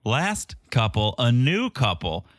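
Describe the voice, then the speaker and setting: A man's voice: medium pitch, sing-song, takes it slowly, no echo, clean studio sound. A man co-hosting a podcast, recapping a reality show in casual, chatty talk and laughing often. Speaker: podcast co-host.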